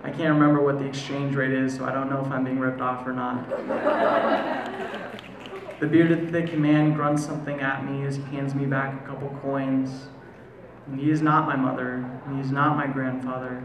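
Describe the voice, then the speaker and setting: An American man performing a spoken word poem at a live event, with a measured, deliberate delivery and slow, lingering pauses. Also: medium pitch, flat delivery, dull audio. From United States. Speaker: poet. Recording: echoey room, faint ambient noise.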